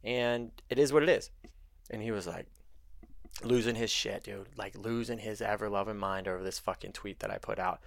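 A man's voice: on the low side, normal speed, creaky. A man, a podcast guest, heatedly retelling a story in casual, profane talk.

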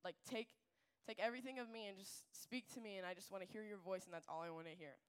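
A young woman giving a casual faith talk to a group, chatty and animated, full of fillers and asides. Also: mid-range voice, quick pace, smooth. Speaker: youth speaker.

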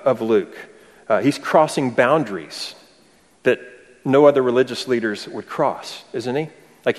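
A man preaching an expository sermon, asking rhetorical questions and adding dry humor. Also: medium pitch. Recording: long hall reverb.

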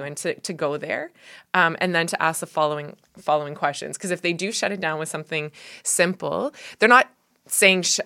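A woman's voice: lowish voice, brisk, pushed and bright. A woman co-hosting a casual ministry discussion, talking earnestly with many fillers and restarts. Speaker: podcast co-host.

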